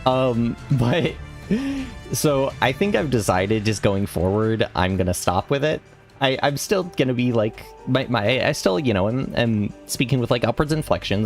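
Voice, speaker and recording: A man's voice: medium pitch, expressive, normal speed, soft background music. A young man chatting casually while streaming a game, rambling with restarts and laughs. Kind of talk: casual gaming stream chat. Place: home room.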